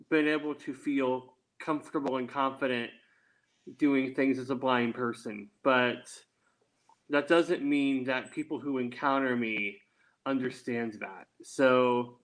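A man, an attorney, answering interview questions in a measured, deliberate and explanatory way. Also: medium pitch, a bit bright, poor audio. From Texas. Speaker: guest, attorney.

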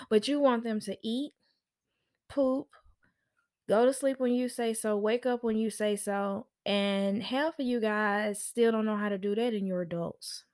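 A woman's voice: a little high, measured pace, no room sound, studio quality. Sassy middle-aged woman giving parenting advice. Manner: animated, sassy, acts out quoted people. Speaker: nanny and parenting show host. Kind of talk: casual parenting advice talk.

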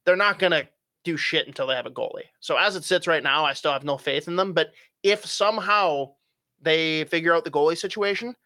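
A man's voice: a little high, a little fast, sharp tone, no room sound, studio quality. A young man co-hosting a casual hockey chat, opinionated and swearing casually with frequent fillers. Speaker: hockey podcast co-host.

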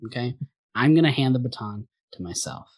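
A man's voice: medium pitch, lively intonation, brisk, darkish tone, slightly rough, no room sound. A man co-hosting a casual podcast, teasing and laughing often. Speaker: podcast co-host. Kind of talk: casual chat.

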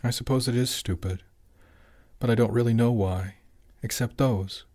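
A man voicing a calm, slightly insolent teenage son who speaks with a soft, airy drawl. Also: mid-range voice, moderate pace, lightly acted.

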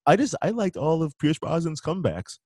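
Animated, swearing man in movie chat. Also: on the high side, a little fast, no room sound, studio quality. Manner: animated, swears, mock-quotes lines. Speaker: podcast co-host.

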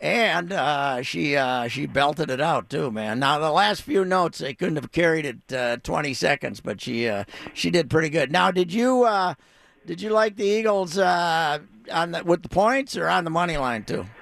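An older man hosting a radio talk show, chatty and quick to laugh. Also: on the high side, expressive, creaky, a bit bright, dry recording. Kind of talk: casual radio interview.

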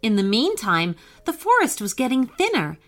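A woman narrating a children's story, reading aloud gently and expressively. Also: on the high side, huge pitch swings, normal speed. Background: faint music.

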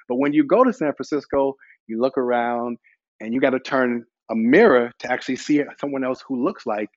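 A man from the American South speaks in a candid, emphatic way on a panel, often leaning on "you know" as he builds his point. The recording is dry and a little dull. His voice sits in a middle pitch. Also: brisk, no room sound. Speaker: panel guest. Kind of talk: conversational panel discussion.

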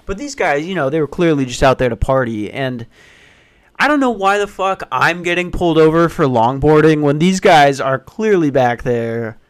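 This is a casual podcast rant by a man in his 20s from western Pennsylvania, working solo from a little back office, cursing, wandering off topic and laughing at himself. His clean voice runs a bit high, with lively intonation at normal speed.

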